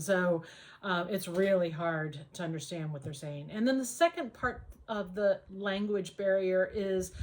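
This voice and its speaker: An American woman talks through her advice in a relaxed vlog. Her voice sits at an ordinary middle pitch. She chats easily and fills pauses with plenty of ums and uhs. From United States. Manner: chatty, many ums and uhs. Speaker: vlogger.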